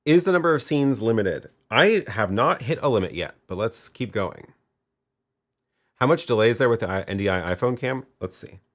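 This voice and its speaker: On a livestream, a man demos video equipment, chatting casually and reasoning out loud as he experiments. His voice sits at a medium pitch and is expressive, moving at a moderate pace, and his sentences tend to trail off before he restarts them.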